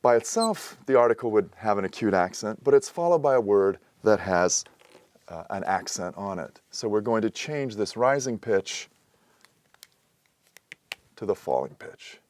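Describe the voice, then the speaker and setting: Low-voiced man teaching slowly. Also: lively intonation, darkish tone. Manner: measured, explanatory, with frequent "uh" pauses. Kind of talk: recorded lecture.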